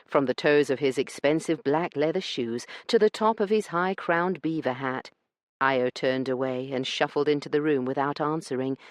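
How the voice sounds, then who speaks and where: Man, audiobook narrator, steady scripted reading, middle pitch, dry close sound. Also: no room sound.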